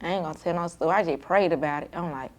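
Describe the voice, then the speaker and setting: This mother talks very fast in a lowish voice as she shares, candidly and with emotion, how she cares for her son with sickle cell. Her informal telling leans heavily on "like" and quoted self-talk.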